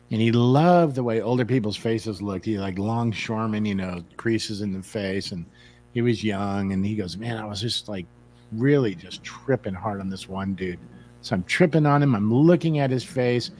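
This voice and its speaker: A man from San Diego hosting a live show, telling stories in a rambling, teasing way. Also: fairly low pitch. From San Diego, USA. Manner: rambling, teasing, laughs often. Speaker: show host. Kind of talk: casual live-stream chat.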